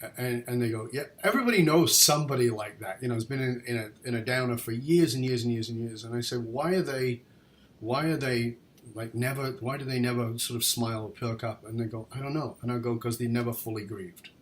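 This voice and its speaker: A middle-aged man from northern England hosting a podcast interview, telling stories in an earnest, animated way. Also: medium pitch, a little fast. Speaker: podcast host. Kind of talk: interview chat.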